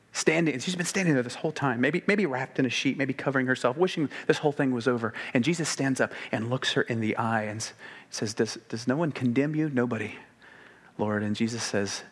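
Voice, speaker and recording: A man preaching a sermon in a conversational way, slowing to quiet emphasis and then speeding up when animated. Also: medium pitch, breathy edge. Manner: conversational, shifts between slow quiet emphasis and quick animated delivery.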